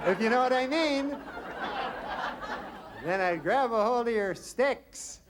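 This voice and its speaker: A man voicing a creepy, unhinged male bachelor who speaks in a slow, suggestive drawl, in a noisy live stand-up recording. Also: extremely high pitch, animated, a crowd in the background, pitched above the performer's own voice, full character voice. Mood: leering.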